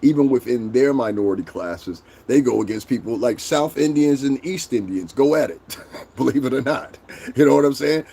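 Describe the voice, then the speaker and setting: Husky-voiced man ranting on a livestream. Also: mid-range voice, animated, normal speed, dark tone. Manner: profane, blunt, reads and roasts chat. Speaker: livestream host. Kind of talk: casual livestream rant.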